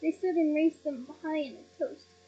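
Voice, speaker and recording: A woman reads a novel aloud in a very high voice, lively and expressive. She breaks in with emotional asides to her listeners. The home recording sounds dull and lo-fi. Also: normal speed. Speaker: audiobook reader.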